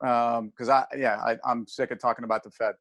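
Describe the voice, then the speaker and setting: A man's voice: medium pitch, flat delivery, a little fast, a bit bright, no room sound. A man co-hosting a casual talk show about markets, rambling with many restarts and fillers. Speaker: podcast co-host.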